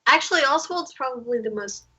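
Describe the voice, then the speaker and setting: A woman's voice: sits high, animated, fairly quick, bright, forceful tone, slightly rough. A woman playing a tabletop game, chatting and joking casually with the group. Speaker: player.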